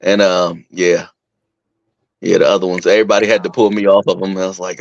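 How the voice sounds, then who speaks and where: A man's voice: fairly quick, no room sound. Young guy telling stories, laughs a lot, muffled dry sound. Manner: animated storyteller, acts out quotes in a higher voice, laughs often. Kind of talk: casual chat.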